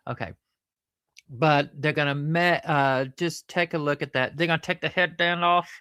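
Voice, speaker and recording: A woman who hosts a show with her puppet and chats in a rambling, halting way. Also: low-pitched, steady tone, fairly bright tone, clear, resonant tone, no echo, studio quality. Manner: rambling, halting, fond of fillers. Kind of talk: casual chat.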